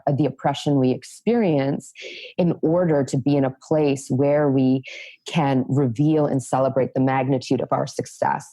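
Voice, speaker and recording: A woman's voice: extremely low pitch, mellow, no echo, poor audio. A middle-aged woman as a podcast guest, speaking in an earnest, thoughtful way and often repeating words as she starts a thought. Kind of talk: reflective conversational interview.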